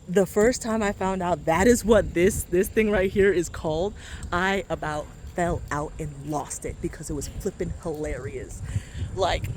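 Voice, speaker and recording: A woman's voice: on the low side, lively intonation, normal speed, a little mellow, a little hiss or hum. A woman vlogger walking and talking through an outdoor park tour, chatty and joking with viewers, out of breath the whole way on a faulty mic. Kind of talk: casual walking-tour chat.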